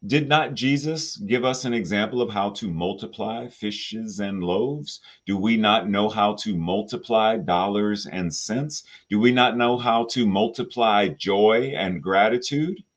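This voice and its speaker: A man's voice: fairly low pitch, measured pace, few pauses, dull audio. A man, the spiritual director of a spiritual center, delivering a sermon with rhetorical questions and playful asides.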